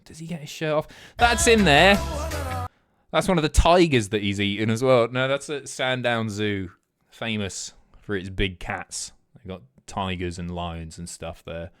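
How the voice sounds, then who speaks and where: A man's voice: lowish voice, measured pace, a bit bright, smooth, soft background music. A man streaming, casually commenting on TV clips with a lot of swearing.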